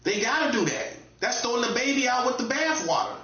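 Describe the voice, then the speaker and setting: A high-voiced man delivers a casual monologue with a bright, forceful edge. He lectures the listener, repeating himself for emphasis. The recording sounds roomy and a little dull. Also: lively intonation, a little fast. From North Carolina. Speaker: online commentator.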